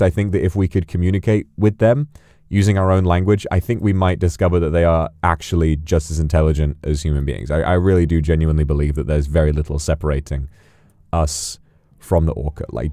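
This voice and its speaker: A male streamer in loose, playful chat who rambles and jumps way up in pitch when excited. His usual voice is low and mellow, on a close, dry mic with faint music behind. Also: no echo. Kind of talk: casual livestream chat.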